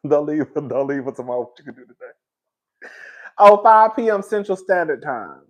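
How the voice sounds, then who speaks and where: Brief: male streamer, lively pitch, loud over-the-top delivery, laughs a lot, casual slang. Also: moderate pace. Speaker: livestream host. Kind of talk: casual live-stream chat.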